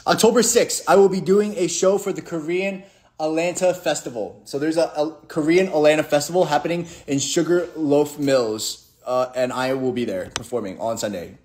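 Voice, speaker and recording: A man's voice: fairly high pitch, normal speed, a little mellow. A young man hosting a casual live stream, reading viewer comments aloud and answering them in a playful, jokey, rambling way. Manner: playful, jokey, rambling with restarts and sudden mock-sad drops.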